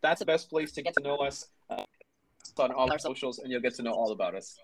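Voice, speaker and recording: A man guest on a podcast, upbeat, pitching his coaching app and checking in with "right?" after his points. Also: lively intonation, fast talker, rough recording. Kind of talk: promotional pitch in interview.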